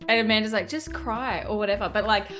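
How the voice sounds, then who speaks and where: A woman co-hosting a podcast, a mom, chatting in an animated, excitable, giggly way. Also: medium pitch, fast talker, soft background music. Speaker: podcast co-host. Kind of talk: casual chat.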